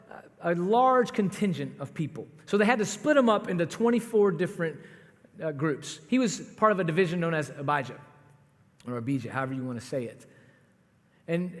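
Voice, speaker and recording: A man preaching a sermon as pastor, telling the story in a conversational, animated way with asides to the congregation. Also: fairly high pitch. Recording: long hall reverb.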